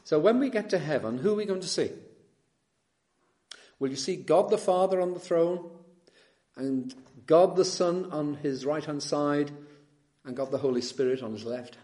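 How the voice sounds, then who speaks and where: A man with a fairly high voice preaches an expository sermon, switching between gentle and forceful emphasis, drawing out key words, and asking his listeners questions.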